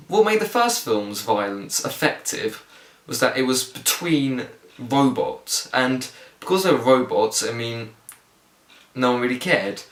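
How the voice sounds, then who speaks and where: A man's voice: medium pitch, fairly bright tone, reverberant. A young man giving a blunt, sarcastic film review, ranting in exasperation from his bedroom. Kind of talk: casual film review monologue.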